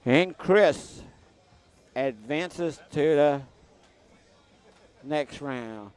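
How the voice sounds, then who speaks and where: A man with a drawl talks through a pool match on a live stream in a loose, joking way. His voice sits slightly higher than most men's. He keeps tossing shout-outs to the people watching. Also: animated, extremely slow, clean tone. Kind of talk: casual live commentary.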